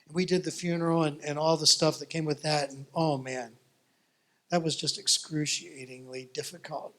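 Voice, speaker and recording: A male pastor preaching with a high voice. He tells his story in an animated, folksy way that keeps the congregation listening. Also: moderate pace. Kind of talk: sermon storytelling.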